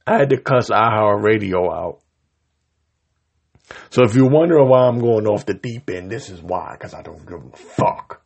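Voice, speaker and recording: Podcast host, male, husky voice, furious cursing rant, lively pitch. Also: normal speed. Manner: angry, profane and heated, talking over himself. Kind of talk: ranting solo podcast.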